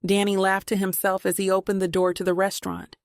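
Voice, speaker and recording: A woman narrating a novel in steady, plain storytelling, recorded on a close mic. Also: mid-range voice, a little fast, no room sound. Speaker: audiobook narrator. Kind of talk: scripted narration.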